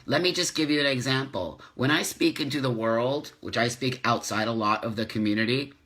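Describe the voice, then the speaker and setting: Impassioned man in his fifties, bright voice. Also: mid-range voice, a little fast. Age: 50s. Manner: impassioned, preachy, repeats phrases for emphasis, swears. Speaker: host of a live stream. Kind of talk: live-streamed motivational talk. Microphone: phone or webcam, live stream.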